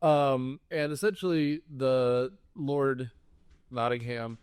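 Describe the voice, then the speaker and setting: A man co-hosting a movie podcast, recapping scenes in a rambling, joking, animated way. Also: mid-range voice, slow, clean tone, no room sound. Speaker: podcast co-host. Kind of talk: casual movie-review chat.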